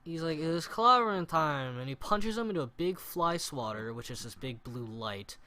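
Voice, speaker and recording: A man's voice: medium pitch, big pitch swings, normal speed, pushed and bright. A man co-hosting a casual movie review chat, recapping the plot with sarcastic, rambling asides. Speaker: podcast co-host.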